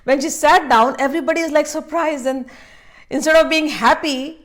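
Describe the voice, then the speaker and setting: Woman from india telling a story, lots of uhs and restarts, gets lively in the big moments. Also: sits high. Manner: halting with fillers, grows animated in dramatic parts. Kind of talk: spoken storytelling.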